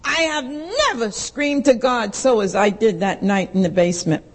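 Lively streetwise New woman in her sixties. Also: medium pitch, moderate pace, husky. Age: 60s. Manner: vivid storyteller who acts out the voices in her story; blunt, streetwise and plain-spoken. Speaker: speaker sharing her story at a recovery meeting. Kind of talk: personal testimony.

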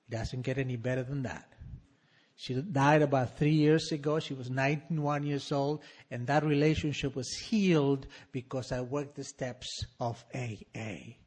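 A man in his sixties telling a personal recovery story to an audience in an animated, wry, emphatic way. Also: medium pitch, unhurried, slightly rough. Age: 60s. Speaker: speaker sharing a recovery story.

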